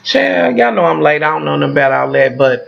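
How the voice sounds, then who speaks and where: A woman vlogger ranting casually to her viewers in a profane, animated, rambling way. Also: low-pitched, brisk, creaky. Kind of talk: casual vlog rant to viewers. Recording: dull lo-fi sound.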